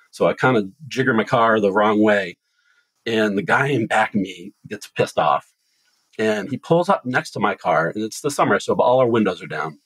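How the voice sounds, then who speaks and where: Podcast host, man from Massachusetts; husky, very lively pitch, rambling teller. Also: dry recording, rough recording. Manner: rambling animated storytelling with restarts. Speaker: podcast host telling a story. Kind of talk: casual chat.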